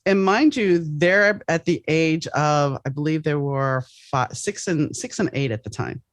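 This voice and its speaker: A woman hosting a podcast, chatting casually in a rambling, animated way with many restarts. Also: sits low, measured pace, no room sound. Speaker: podcast host. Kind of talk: casual interview chat.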